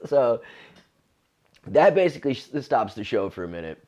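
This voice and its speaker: A man's voice: medium pitch, very animated, moderate pace, pauses often, mellow, highs cut off. A man in his forties, a comedian, telling a loose, profane story with lots of restarts in a casual monologue. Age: 40s. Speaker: comedian and podcast host.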